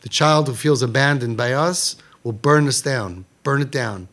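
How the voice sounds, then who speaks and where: A man giving an emphatic Torah talk, swinging between loud, dramatic lines and hushed ones. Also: medium pitch, moderate pace. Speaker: Jewish inspirational speaker.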